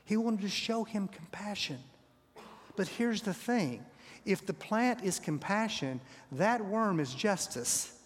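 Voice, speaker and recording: A man's voice: sits high, expressive, takes it slowly, slight background noise. A man preaching a sermon, telling a story and often dropping his voice to a near whisper. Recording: long reverb of a large hall.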